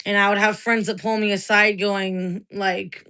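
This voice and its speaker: Woman, 30s, bright and forceful tone; rambling, foul-mouthed, confessional livestream talk. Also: medium pitch, little pitch movement, measured pace, clean tone. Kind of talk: casual livestream monologue.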